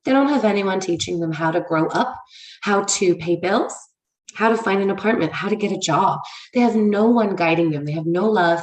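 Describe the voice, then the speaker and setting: Frank English woman, echoey livestream room. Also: fairly low pitch. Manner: frank and warm-hearted, swears for emphasis, greets viewers by name. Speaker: ministry leader. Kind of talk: casual livestream talk to viewers.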